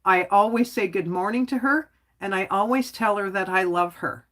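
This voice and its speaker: On her livestream, this woman talks bluntly and casually at a normal speed, her mid-range voice fairly bright. She rambles, says "like" constantly, and laughs softly here and there.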